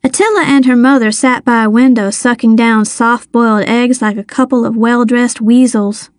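A woman reading a first-person novel aloud with lively, expressive storytelling. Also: a little high, normal speed, no echo, clean studio sound. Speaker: audiobook narrator. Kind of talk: scripted first-person narration.

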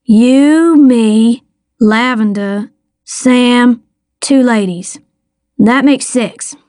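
A woman's voice: fairly high pitch, extremely slow, darkish tone, dry recording, clean studio sound. A woman doing a matter-of-fact young boy. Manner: muttering, counting off, plain.

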